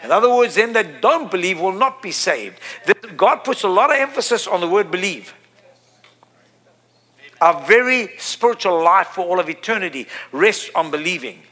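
A man's voice: sits high, expressive, moderate pace, bright, forceful tone. A middle-aged man preaching a sermon, impassioned and repetitive, building to emphatic peaks.

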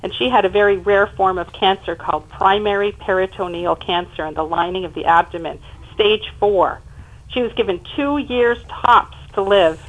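A woman in her fifties, a guest on an interview show, telling her family's story in an emphatic, animated way. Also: medium pitch, moderate pace, phone-quality sound. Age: 50s. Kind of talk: personal storytelling in conversation.

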